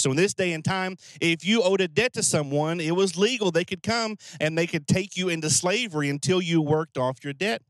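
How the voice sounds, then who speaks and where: Male pastor, high-pitched, conversational sermon, dry close recording. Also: a little fast, few pauses, no echo. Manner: conversational, acts out voices of people in the story.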